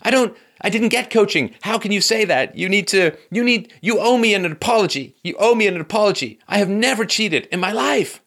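A man putting on a high, raised voice for a furious, indignant woman athlete who repeats her demands for an apology. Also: brisk, hardly any pauses, lightly acted. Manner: shrill insistent repetition.

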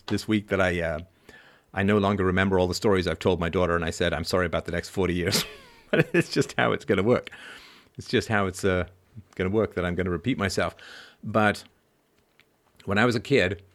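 A middle-aged man hosting a show, talking through ideas in a discursive, emphatic monologue and checking in with frequent tag questions. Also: low voice. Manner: discursive, emphatic, constant "right?" tags. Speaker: podcast host. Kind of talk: philosophical monologue.

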